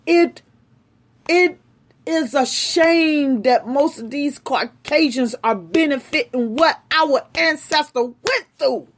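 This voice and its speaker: Fiery, high-voiced woman ranting. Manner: angry, forceful, addresses the audience directly. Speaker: vlogger. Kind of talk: impassioned direct-to-camera rant.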